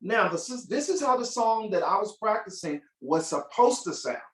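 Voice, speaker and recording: A man, a musician teaching children over a video call, telling a story in a playful, expressive way and asking the audience questions, with piano behind him. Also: high voice, normal speed. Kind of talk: animated storytelling workshop. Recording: echoey room audio from far off.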